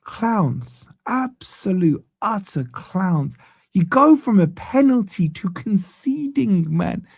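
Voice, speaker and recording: A man's voice: high-pitched, very animated, slow, gravelly, no room sound. A man hosting a fan channel, giving live watch-along commentary on a match from a studio, ranting in exasperation and tagging "man" onto nearly every line.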